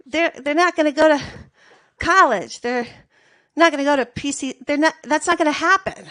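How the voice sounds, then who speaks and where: A woman with a high voice tells a long personal story. She swears freely, rambles and gets animated as she tells it. She sounds like she is in her thirties. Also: normal speed, poor audio. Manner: profane, rambling, animated retelling.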